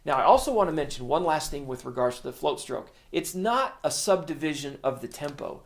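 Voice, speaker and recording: A man's voice: fairly high pitch, expressive, fairly quick. A middle-aged man teaching a drum lesson, explaining patiently in plain words and counting beats aloud. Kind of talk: instructional video lesson.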